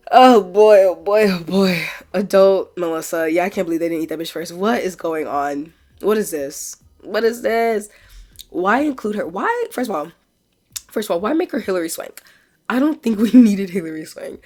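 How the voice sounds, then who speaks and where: Woman w a lowish voice rambling thru a ranking, keeps second guessing herself, laughs a lot. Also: darkish tone. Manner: rambling, self-correcting, laughs often. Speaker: streamer ranking show characters. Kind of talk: casual chat.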